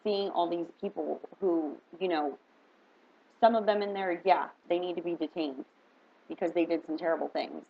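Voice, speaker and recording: A woman's voice: on the low side, steady tone, normal speed, gravelly, slightly rough. A woman vlogger telling a personal story in casual, emotional, rambling speech full of "like". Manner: rambling, emotional, heavy use of "like". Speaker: spiritual reader vlogger. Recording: dull lo-fi with faint background noise.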